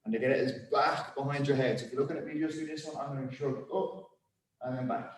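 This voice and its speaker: A man's voice: mid-range voice, fairly even intonation, quick pace, reverberant, slight background noise. A man coaching a group weightlifting class, calling out positions and counting down holds with encouragement. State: out of breath. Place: gym.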